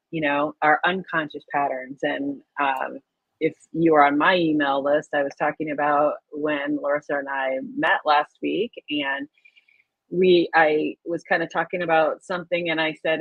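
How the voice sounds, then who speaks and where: A woman's voice: deep voice, normal speed, creaky, slightly rough, no echo. A woman co-hosting a spiritual livestream in casual chat, talking with many fillers and frequent laughs over a video call. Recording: dry, phone-like sound.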